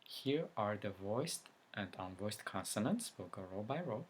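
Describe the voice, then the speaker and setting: Male teacher, lowish bright voice, very slow and careful delivery, beginner lesson. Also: expressive, a little hiss or hum. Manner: reads letters one by one, louder on each. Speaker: language teacher. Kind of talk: slow spoken language lesson.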